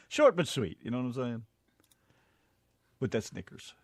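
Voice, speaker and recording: A man co-hosting an internet radio show, joking around with sudden high exclamations. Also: wildly swooping pitch, slow, dry recording, clean studio sound. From American South. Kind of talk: casual banter.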